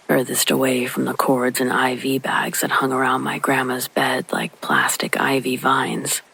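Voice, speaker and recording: A man reading a first-person horror story as scripted narration, hushed and slow, often sliding into a breathy near-whisper, with rain falling behind him. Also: medium pitch, rough recording.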